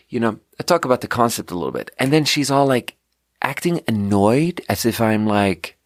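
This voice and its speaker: A fairly low-pitched man hosts a podcast, spinning a rambling, lively retelling heavy with fillers and false starts. It's captured in clean studio sound without any room tone.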